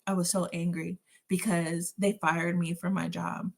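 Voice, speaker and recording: A woman guest on a podcast interview, telling a personal story in an animated, casual way and acting out remembered dialogue. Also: fairly low pitch, normal speed, vocal fry, hardly any pauses. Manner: casual, conversational phrasing. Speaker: guest, nonprofit founder.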